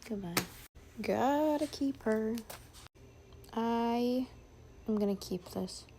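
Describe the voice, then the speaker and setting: A woman chatting casually as she sorts through her things, musing and thinking aloud, sometimes dropping to a soft whisper. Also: fairly high pitch, slow pace, a little hiss or hum. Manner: drops to a soft whisper at times. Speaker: sewing vlogger. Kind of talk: casual narration while sorting.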